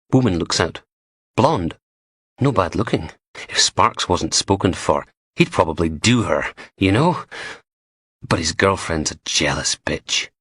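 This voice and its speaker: A man narrating a gritty crime audiobook with a deep, husky voice and a sardonic edge. His delivery rises and falls freely, and the recording is close and dry with no room sound. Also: a bit bright, no echo.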